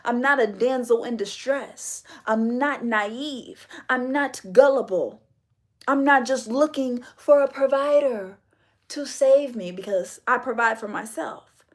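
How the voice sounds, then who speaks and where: Female livestream host, slightly high pitch, forceful sermon-like confrontational delivery. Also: slow pace. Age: adult. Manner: emphatic, preachy, confrontational. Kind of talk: livestream monologue.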